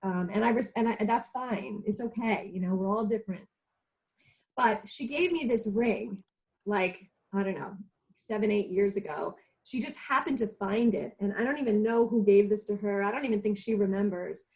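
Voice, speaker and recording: A regular on a women's talk show joins over a video call, chatting earnestly and effusively with lots of filler words in a casual, heartfelt conversation. Her mid-range voice is a little mellow and moves at a moderate pace, though the audio quality is poor.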